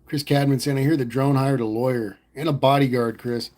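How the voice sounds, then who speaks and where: A man chats through a casual livestream, reading viewers' comments aloud and answering at an easy pace. His voice sits at an everyday pitch, and his manner is relaxed and rambling, with "man" tossed in often. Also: fairly quick, slight background noise. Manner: laid-back, rambling, says "man" a lot. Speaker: livestream host reading chat.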